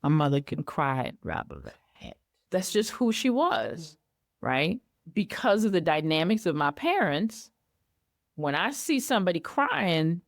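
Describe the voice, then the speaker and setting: Animated middle-aged woman telling stories. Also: mid-range voice, unhurried, no room sound, clean studio sound. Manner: animated, acts out her own past reactions. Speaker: guest. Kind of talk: candid conversational storytelling.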